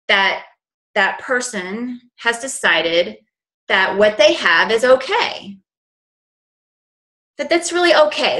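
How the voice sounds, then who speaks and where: A woman's voice: mid-range voice, sharp tone, low-quality recording. A woman in her forties giving a motivational business coaching talk, earnest and conversational with lots of "you know". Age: 40s.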